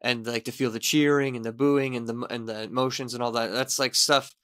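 A man's voice: medium pitch, level tone, a little fast, fairly bright tone, no room sound, studio quality. A man co-hosting a casual podcast chat, encouraging and full of fillers like "like" and "you know.". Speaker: podcast co-host.

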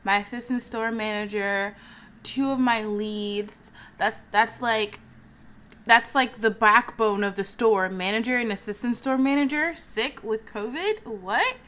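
A woman's voice: fairly high pitch, a little slow, pushed and bright. A young woman vlogging casually, venting in a chatty way, full of "like" and sighs. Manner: venting, chatty, heavy use of "like", frequent sighs. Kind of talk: casual vlog chat.

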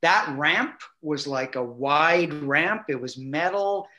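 Lively middle-aged man telling stories. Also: fairly high pitch, slow pace. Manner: animated, acts out quotes, laughs often. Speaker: guest actor. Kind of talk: anecdotal storytelling.

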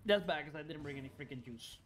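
Excitable man swearing through a game. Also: a little high, fast talker. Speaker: gaming video host. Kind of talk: casual let's-play commentary.

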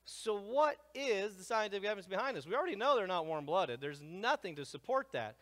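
A man lecturing a live crowd, his voice sitting a little high and full of energy as he swings from loud bursts to near-whispers. The sound hangs in the long reverb of a large hall. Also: brisk. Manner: energetic, swings between loud asides and hushed remarks. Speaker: speaker presenting to a live audience. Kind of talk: animated lecture.

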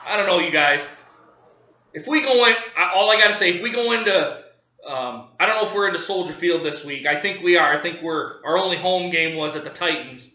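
A man's voice: high voice, brisk, bright, forceful tone, echoey room, muffled recording. A man ranting angrily about his football team, cursing and repeating himself, livid. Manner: profane, furious, repeating himself. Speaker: sports fan vlogger. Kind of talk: angry fan rant.

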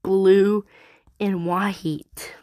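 A woman's voice: mid-range voice, little pitch movement, extremely slow, mellow, no room sound, studio quality. A woman playing a game casually, giggling playfully and talking through the hiccups. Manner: giggly, playful, breaks into laughter. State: has the hiccups.

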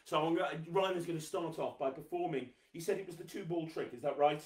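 A man hosting a live children's magic show, energetic, coaxing and teasing as he gets the viewers to clap and cheer. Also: on the high side, fast, roomy sound, far from the mic. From England. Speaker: host, magician.

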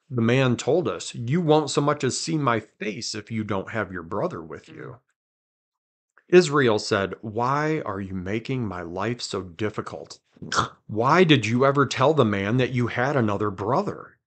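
A man hosting a podcast, reading scripture aloud with quiet dramatic emphasis and chatting between passages. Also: mid-range voice, lively intonation, a little slow, breathy edge. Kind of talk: conversational Bible reading.

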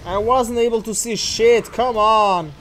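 High-pitched guy yelling through his gameplay commentary, super excitable, cussing a lot, bit of faint noise behind. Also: a little slow. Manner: excitable, loud whoops, frequent swearing and exclamations. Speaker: channel host playing a mobile game.

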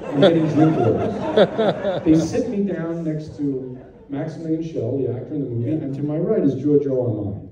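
A man, a film director, telling an animated anecdote on stage and slipping into voices of the people in it. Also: on the high side, moderate pace, far from the mic, muffled recording. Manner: animated storyteller doing voices of others. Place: festival venue with audience. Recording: echoey hall, mic from afar, audience.

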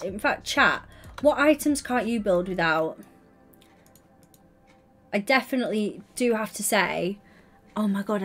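An excitable woman livestreamer chats while she plays a building game. Her talk is gushing and affectionate, and she welcomes viewers by name. Faint music plays behind her. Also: mid-range voice. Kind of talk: casual gaming livestream chat.

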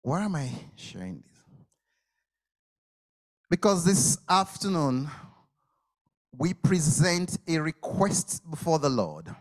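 A man's voice: fairly high pitch, takes it slowly, pauses often. A man preaching a sermon, telling a story and acting out the people in it, sometimes dropping to a whisper. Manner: animated storytelling, acts out the people, drops to a whisper at quiet moments.

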